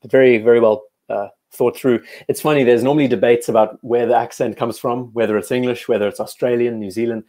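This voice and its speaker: Mellow-voiced South African man chatting. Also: mid-range voice, fairly even intonation, brisk, hardly any pauses. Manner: chatty, enthusiastic, frequent restarts. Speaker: live-stream host. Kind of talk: casual live-stream chat reading viewer comments.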